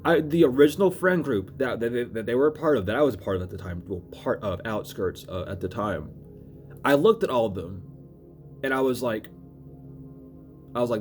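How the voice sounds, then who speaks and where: A man giving a casual spiritual reading to camera, rambling and cursing, swinging between loud urging and low asides. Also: animated, moderate pace, faint music behind. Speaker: spiritual reader.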